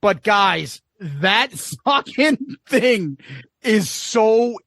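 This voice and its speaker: A man's voice: sits high, big pitch swings, very slow, creaky, a bit bright, dry recording, studio quality. A man co-hosting a podcast in casual chat, blunt and profane, laughing often. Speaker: podcast co-host.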